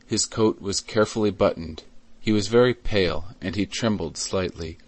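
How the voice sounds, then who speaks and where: A man reading a classic novel aloud as an audiobook in a measured, even way. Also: low-pitched. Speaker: audiobook reader. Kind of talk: scripted narration.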